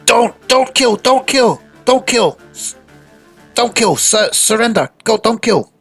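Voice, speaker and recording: A beaten goblin chieftain begs for his life in a high, strained voice, put on by a man. His speech is broken and halting, and he keeps repeating the same plea. It is a tabletop game voice. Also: animated, gravelly, fairly bright tone, breathy edge, faint music behind, full character voice. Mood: pleading.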